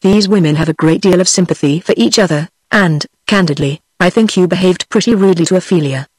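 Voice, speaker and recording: Tts british lady reading an audiobook, steady, dry close sound. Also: on the low side, fairly quick, husky, no echo. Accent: British English. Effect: text-to-speech voice. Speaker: audiobook narrator. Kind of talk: scripted narration.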